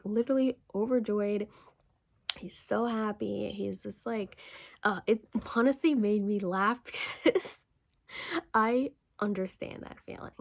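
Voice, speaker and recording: A woman's voice: medium pitch, creaky. A young woman in her twenties giving a casual spoken manga review, rambling with lots of ums and casual swearing. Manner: acts out the character's lines in quotes.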